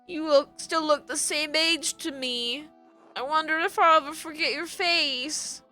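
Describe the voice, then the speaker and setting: A woman's voice: measured pace, soft background music. A woman reading as a weary grieving father. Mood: wistful. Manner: quiet, tired, softly lowered reading. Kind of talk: reading game dialogue aloud.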